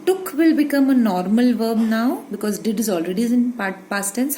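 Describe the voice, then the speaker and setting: A woman's voice: fairly high pitch, lively intonation, moderate pace, warm tone, a little hiss or hum, poor audio. A woman teacher with an Indian English accent, giving a grammar lesson to children and dictating the example sentences word by word.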